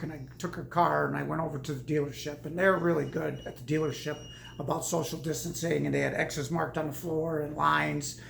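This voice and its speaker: A woman's voice: deep voice, creaky, roomy sound, a little hiss or hum. A woman casually telling a personal story in a rambling way, with many restarts and repeats.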